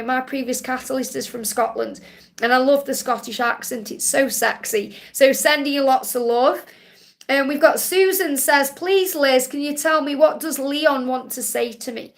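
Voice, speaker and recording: A high-voiced woman hosts a live-stream Q&A as a spiritual card reader. She relays messages soothingly and reassuringly, often repeating key phrases.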